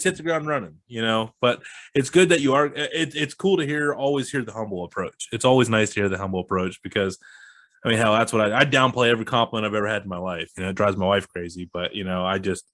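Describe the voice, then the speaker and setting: A man's voice: medium pitch, a bit bright, no room sound. Man, from the Midwest, podcast host, rambling, laughs a lot, dry sound. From American Midwest. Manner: rambling, laughs often, self-deprecating. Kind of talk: casual chat.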